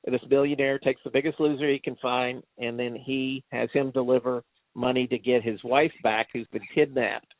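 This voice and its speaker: Excitable laughing man, tinny dry sound. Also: medium pitch, moderate pace, dry recording. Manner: laughs often while retelling scenes, excitable. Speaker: co-host reviewing movies. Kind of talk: casual chat.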